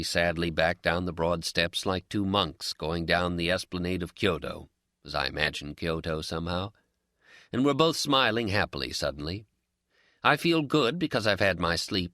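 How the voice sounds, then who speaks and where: A man reading an audiobook in a reflective, expressive narration. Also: low-pitched, no echo, clean studio sound. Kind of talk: scripted narration.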